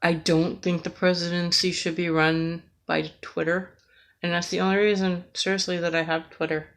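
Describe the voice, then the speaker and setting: A woman's voice: on the low side, little pitch movement, normal speed, fairly bright tone. A woman from the United States delivering an earnest, emotional rant, with frequent hesitations and fillers as she talks. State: emotional, near tears. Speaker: vlogger.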